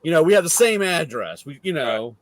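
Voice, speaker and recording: In a casual storytelling chat, a host tells a wry, deadpan anecdote fairly quickly, acting out other people's lines as he goes. His voice is a little high, captured close and dry with no room sound.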